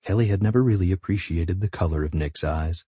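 A man narrating a novel in a measured, intimate reading. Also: low-pitched, warm tone, breathy edge, dry recording. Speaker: audiobook narrator. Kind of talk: scripted narration.

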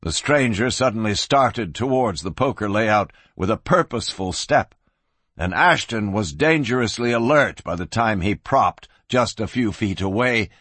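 Husky male narrator of a western. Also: lowish voice, no room sound. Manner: expressive storytelling, slows for tense beats. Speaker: audiobook narrator.

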